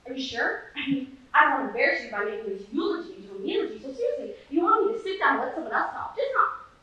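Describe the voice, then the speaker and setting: Brief: sardonic washed-up male horse star, played by a teenage girl, higher pitch, heard from afar in a booming hall. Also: pushed and bright. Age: late teens. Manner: sardonic, rambling, self-pitying. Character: bitter middle-aged male horse, washed-up sitcom star. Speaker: student competitor. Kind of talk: competitive dramatic monologue. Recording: echoey hall from far off.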